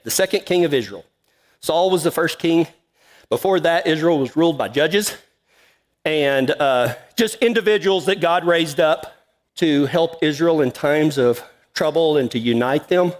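A middle-aged man telling a folksy story in a cowboy sermon, drawling and laughing at his own tale. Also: high voice. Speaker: cowboy preacher.

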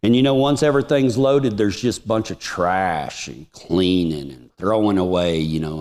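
A man's voice: sits low, animated, moderate pace, hardly any pauses. Emotional man preaching a testimony. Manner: emotional storytelling, swings from hushed to soaring. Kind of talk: sermon testimony.

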